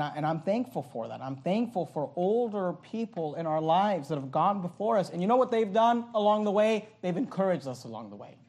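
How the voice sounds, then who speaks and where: A pastor preaching a sermon with impassioned delivery and many quick restarts of his phrases. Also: on the high side, a little mellow.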